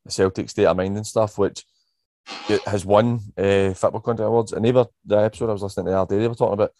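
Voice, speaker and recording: A man's voice: fairly low pitch, fairly even intonation, fast, dark tone, no echo. A man with a West of Scotland accent co-hosting a podcast, chatting in a laid-back way with frequent ums. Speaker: podcast co-host. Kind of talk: casual chat.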